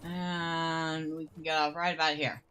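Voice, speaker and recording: A woman's voice: sits low, little pitch movement, a bit bright, soft background music. A woman giving casual, chatty gameplay commentary as she plays, musing aloud as she goes. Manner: chatty and unhurried, muses aloud, laughs easily. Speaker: gameplay host.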